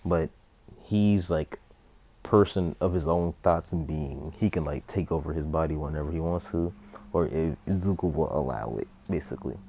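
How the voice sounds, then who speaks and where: A man's voice: very deep voice, moderate pace, mellow, husky. A man improvising a fan story aloud, rambling, full of fillers and self-corrections.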